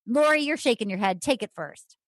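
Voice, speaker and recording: A woman hosting a chatty recap show, with a high voice that swings widely from line to line. She talks in a laughing, playful way and acts out what people said. The sound is dry and close. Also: brisk, dry recording. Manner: animated, laughing, acts out quotes in funny voices. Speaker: podcast host. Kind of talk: casual comedic recap chat.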